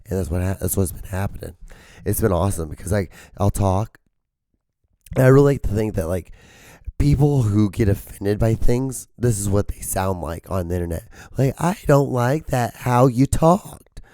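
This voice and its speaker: Hoarse man rambling on a solo podcast. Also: low-pitched, animated, normal speed, warm tone, no room sound, clean studio sound. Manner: rambling, profane, jokey. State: hoarse, losing his voice. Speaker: podcast host. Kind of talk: solo comedic rambling monologue.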